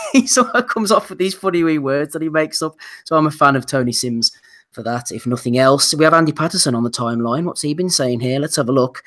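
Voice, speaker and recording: A man's voice: a little high, a little fast, fairly bright tone. A man hosting a casual boxing podcast, reading out listener nominations with dry asides. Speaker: podcast host.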